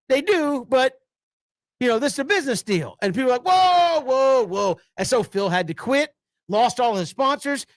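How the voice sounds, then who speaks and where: A man's voice: very high voice, no echo, studio quality. A man co-hosting a casual sports talk show, laughing often and telling stories with energy. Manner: laughs often, animated storyteller. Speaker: sports radio co-host.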